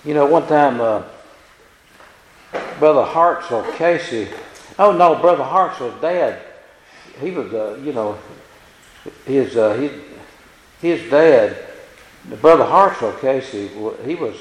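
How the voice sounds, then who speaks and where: A man with a mid-range, expressive voice preaches slowly in a church sanctuary, pausing often. Folksy and plain-spoken, he keeps checking in with the congregation via tag questions, recorded with echoey hall reverb and slight hiss or hum.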